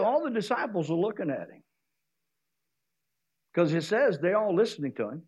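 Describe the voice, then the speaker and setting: A man's voice: sits high, highs cut off. A male pastor with a Southern US accent, preaching a sermon and acting out the voices in his story.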